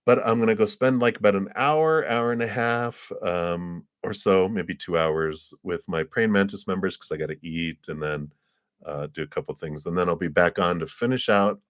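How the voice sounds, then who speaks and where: In a dry, studio-quality recording, a low-voiced man speaks at normal speed. He's doing a live tarot card reading, chatty and relaxed, laughing a lot and performing little scenes in quoted voices.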